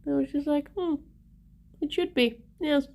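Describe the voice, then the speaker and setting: Slow, giggly woman streamer. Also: high voice, creaky, a little mellow. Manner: giggly, chatty, talks to pets and chat. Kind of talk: casual live-stream chat.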